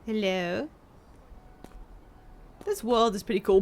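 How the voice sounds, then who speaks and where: A woman's voice: on the high side, expressive, a little slow, pauses often. A woman streaming a video game live, chatting and joking with her viewers as she plays. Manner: chatty, joking, talks to chat while playing. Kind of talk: casual live-stream gameplay commentary.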